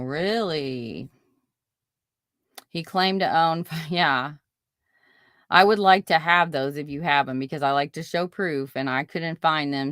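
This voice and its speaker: Indignant low-voiced woman hosting a live stream. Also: a bit bright, smooth, dry recording, clean studio sound. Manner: chatty, reads viewer comments aloud, indignant. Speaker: podcast host. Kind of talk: casual live-stream commentary.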